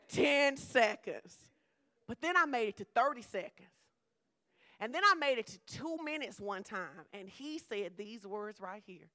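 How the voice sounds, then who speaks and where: A middle-aged woman preacher giving a lively, conversational sermon with humor. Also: a little high, normal speed.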